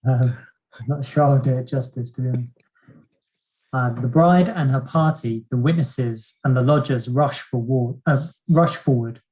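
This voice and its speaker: Guy reading an old-timey play scene out loud, mid-pitched voice, modest, trips over words a bit. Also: moderate pace, poor audio. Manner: modest, reads with some stumbles. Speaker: seminar participant reading aloud. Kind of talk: reading an old-style drama passage aloud.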